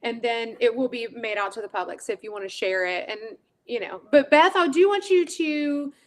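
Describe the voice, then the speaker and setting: A woman's voice: on the high side, lively intonation, moderate pace. A woman hosting a casual video-call chat, easygoing and a little rambling. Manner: easygoing, rambling, with many fillers. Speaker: host. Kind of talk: casual conversation.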